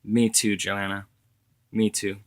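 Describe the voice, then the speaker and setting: A man voicing a grieving grandfather, an older man whose strained talk breaks into anguished shouts. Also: fairly low pitch, level tone, slow pace. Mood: weary.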